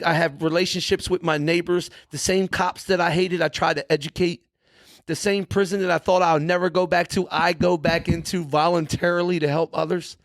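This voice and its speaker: A middle-aged man speaks as a guest, telling his story with earnest, emphatic candor. His voice sits a little high, and he keeps checking in with "you know" and "right". The sound is dry and close, with no room around it. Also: no room sound. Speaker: podcast guest in recovery. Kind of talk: candid storytelling.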